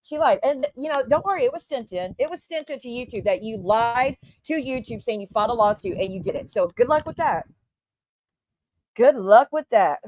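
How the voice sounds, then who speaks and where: Woman, livestream rant, indignant, cusses a lot, fairly high voice, dry sound. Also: expressive, fairly quick, few pauses, darkish tone, no room sound. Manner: indignant, profane, talks straight to her chat. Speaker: YouTube livestreamer. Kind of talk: casual ranting livestream.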